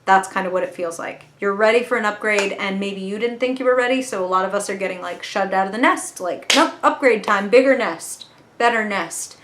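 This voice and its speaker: Fast and with few pauses, a woman with a mid-range voice talks through a tarot reading, chatty and earnest, swearing casually now and then. Her voice echoes around the room over background noise.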